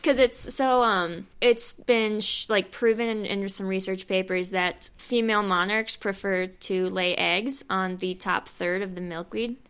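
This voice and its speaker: Smooth and fairly bright, her medium-pitched voice keeps a fairly even intonation and measured pace, pausing only a little. She's a young adult co-host and monarch researcher on a casual science podcast, describing research loosely with plenty of "like" and "you know".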